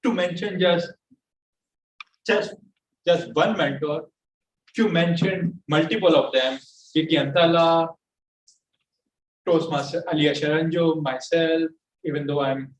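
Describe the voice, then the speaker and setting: A man with a Pakistani English accent evaluating a speech at a club meeting, halting and repeating his words often. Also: a little high. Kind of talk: giving spoken feedback at a club meeting. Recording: echoey room from far off, faint noise.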